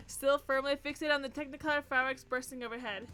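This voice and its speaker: High, bright-voiced gushing woman streamer. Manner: gushing, excitable reactions between narration read aloud. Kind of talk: playing a game on stream. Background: faint game music.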